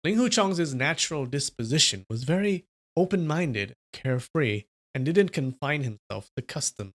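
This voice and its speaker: A man reads a novel aloud on his livestream in an even, mid-pitched voice. He breaks off now and then for easygoing asides to his viewers. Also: normal speed. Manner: casual asides to chat between reading. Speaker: streamer reading a novel. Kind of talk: livestream story reading.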